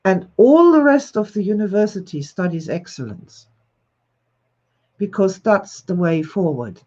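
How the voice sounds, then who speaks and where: An enthusiastic, expressive woman in her sixties who laughs often as she hosts a livestream and greets her viewers. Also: medium pitch. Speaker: host. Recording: slightly dull lo-fi recording.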